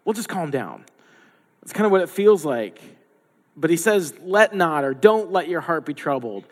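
A man's voice: on the high side, animated, normal speed. A man giving a sermon in a conversational way, slipping into the voices of the people he quotes with playful asides. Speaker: pastor. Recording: long hall reverb.

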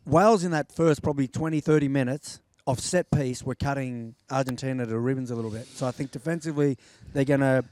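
A man co-hosting a podcast, relaxed and teasing, giving measured rugby predictions. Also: medium pitch. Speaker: podcast co-host. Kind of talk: casual sports analysis.

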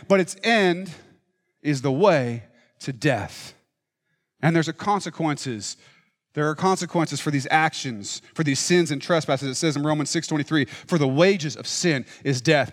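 A man preaching a sermon with passion, swinging between loud declarations and hushed, intimate lines. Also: a little high. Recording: long hall reverb.

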